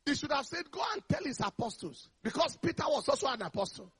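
Preacher, male, high bright husky voice, emphatic call-and-response sermon delivery. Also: big pitch swings, quick pace. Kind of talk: energetic sermon.

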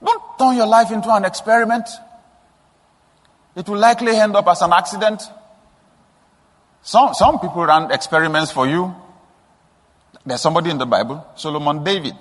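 A man preaching a sermon, telling stories with soft asides and sudden emphatic rises. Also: high-pitched, moderate pace, long pauses. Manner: storytelling with rising emphatic bursts and soft asides. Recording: long hall reverb.

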